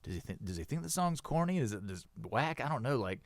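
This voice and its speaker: A young man hosting a casual podcast chat, rambling excitably with lots of fillers. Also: mid-range voice, fast talker, no echo, studio quality. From South Carolina. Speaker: podcast host.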